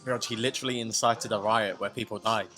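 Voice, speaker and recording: A young man, a comedian hosting a casual podcast, teasing his co-host in a deadpan way. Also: fairly low pitch, fast, over music. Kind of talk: casual chat.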